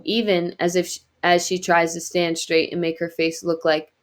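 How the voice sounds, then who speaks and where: A woman reading a novel aloud in quiet, earnest first-person narration. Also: on the low side, little pitch movement, moderate pace. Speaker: audiobook reader.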